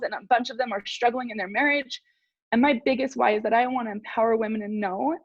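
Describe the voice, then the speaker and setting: A woman's voice: fairly high pitch, dry recording. A woman sharing a personal story on a group call, earnest and a little rambling. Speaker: team member sharing on a call. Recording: dull, dry call audio.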